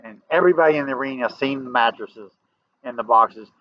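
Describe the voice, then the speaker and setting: A man's voice: medium pitch, fairly quick. A man with a Southern US accent, telling a rambling story to camera in a casual vlog, often restarting and turning emphatic. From American South. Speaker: vlogger. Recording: dull lo-fi audio.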